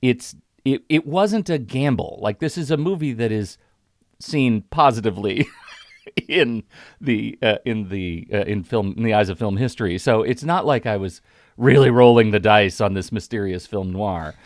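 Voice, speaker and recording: A man's voice: lowish voice, normal speed, no room sound. A man hosting a film podcast in casual chat, thinking aloud and circling back on his sentences. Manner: thinking aloud, rambling with restarts. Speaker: podcast host.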